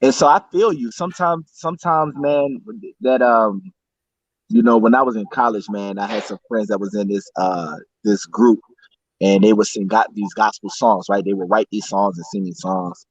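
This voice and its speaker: A man's voice: on the low side, moderate pace, no room sound. A man who is a guest author and coach, talking in a laid-back, playful way with emphatic interjections. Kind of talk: casual chat. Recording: dry, muffled lo-fi sound.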